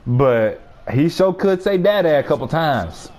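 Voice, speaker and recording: A man's voice: a little high, animated, unhurried, darkish tone. A young man telling a story in casual chat, slangy and often laughing.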